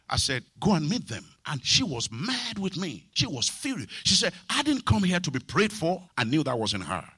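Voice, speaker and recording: Man preaching, high voice, bright tone, animated sermon, sing-song shouts, dry close sound. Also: no echo. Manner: animated preaching, shouts and sings phrases, drops to low quiet asides. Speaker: pastor.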